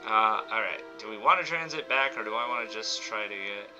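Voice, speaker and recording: A man's voice: on the low side, a little fast, highs cut off. Chatty guy streaming a game, kinda squawky voice, game music going in the background. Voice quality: slightly squawky voice. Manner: chatty, playful, jumps into silly voices. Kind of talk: live gameplay commentary.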